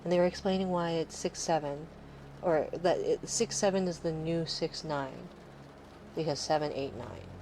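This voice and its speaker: A woman's voice: sits low, moderate pace, warm tone, slight background noise, rough recording. A woman in her thirties chatting casually on a live stream, rambling and sarcastic, swearing freely.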